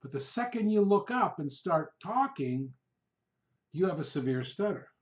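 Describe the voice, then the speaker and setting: A middle-aged man giving a sales training talk, telling stories with animated delivery and acting out his past outbursts. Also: high-pitched, moderate pace. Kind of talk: training video monologue.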